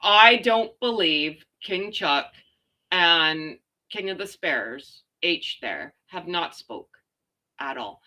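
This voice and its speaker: A woman's voice: fairly low pitch, expressive, slow pace, bright, forceful tone. A woman hosting a casual gossip livestream, reading out viewer comments and ranting sarcastically. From Canada. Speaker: royal gossip livestream host.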